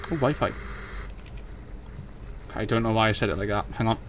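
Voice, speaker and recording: A man's voice: lowish voice, normal speed, slight background noise. A young man, commentating a horror game as he plays, jumpy and swearing at it. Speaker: gaming streamer.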